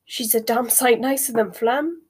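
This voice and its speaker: A sly, scornful teenage girl witch, voiced by a woman reader, quick to mock. The voice is fairly high and slightly breathy. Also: darkish tone.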